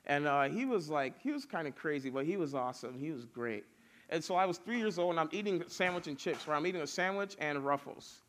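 A man's voice: a little high, animated, brisk, a bit bright, a little hiss or hum. A man preaching casually to young people, telling stories with lots of fillers. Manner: chatty storytelling with many fillers. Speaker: youth pastor.

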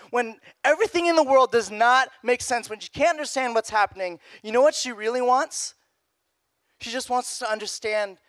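A young man preaching a youth sermon in a casual, animated way, repeating phrases. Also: very high voice, dry recording. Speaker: youth pastor.

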